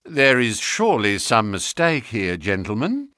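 A man's voice: fairly low pitch, wildly swooping pitch, measured pace, bright, forceful tone, no room sound, studio quality, full character voice. A man doing an unctuous, cruel villain. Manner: unctuous, smooth and ingratiating. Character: unctuous, cruel middle-aged male villain.

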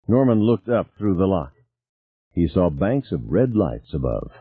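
A man narrating an audiobook in an expressive, varied reading. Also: deep voice, a little slow, breathy edge, no room sound. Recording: tinny phone-like dry sound.

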